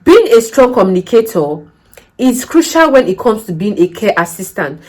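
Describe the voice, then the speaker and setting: A woman's voice: mid-range voice, low-quality recording. A woman talks through care job interview advice in a casual vlog, in an ordinary mid-range voice. She tells stories with energy, acts out the dialogue in her own voice and drives her points home with emphatic questions.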